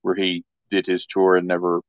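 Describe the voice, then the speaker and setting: A man's voice: low voice, completely flat delivery, normal speed, no echo. A man playing a tabletop game, telling his character's backstory in a rambling, self-correcting way. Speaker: player. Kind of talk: casual game chat in character.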